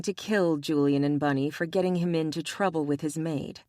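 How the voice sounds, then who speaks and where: A woman narrating a romance audiobook in a measured, even read on a close mic. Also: low-pitched, no room sound.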